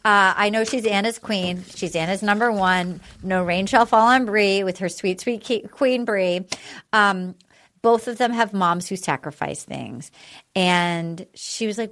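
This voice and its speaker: A woman's voice: medium pitch, a little slow, a bit bright, slight background noise. A woman chatting casually as a podcast host, recapping a dating show and acting out quotes in mocking voices.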